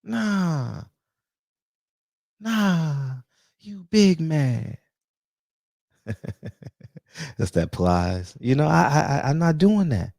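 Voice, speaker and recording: Fired-up man preaching with lively pitch. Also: unhurried, vocal fry, hardly any pauses, dry recording, clean studio sound. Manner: preachy, confrontational, repeats rhetorical questions. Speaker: barbershop talk show host. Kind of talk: heated casual monologue.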